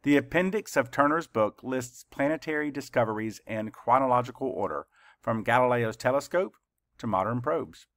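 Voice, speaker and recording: A male teacher leading a children's spelling lesson, spelling each word out letter by letter with slow, deliberate dictation. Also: mid-range voice, fairly bright tone, no echo.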